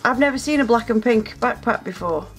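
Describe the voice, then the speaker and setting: A woman hosting a casual unboxing vlog from home, gushing and excitable, gasping and exclaiming as she talks. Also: on the high side, brisk. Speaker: nail art channel host.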